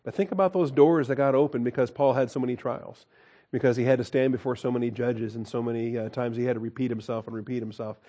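A man's voice: medium pitch, fairly even intonation, fast talker, dark tone, highs cut off. A man teaching a Bible study in a folksy, conversational way, reading scripture aloud and breaking off to comment with a chuckle.

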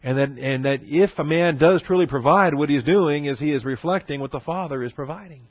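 A man's voice: fairly high pitch, fairly quick, dry recording, highs cut off. Man teaching a sermon. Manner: conversational, many fillers and restarts, rhetorical questions. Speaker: pastor.

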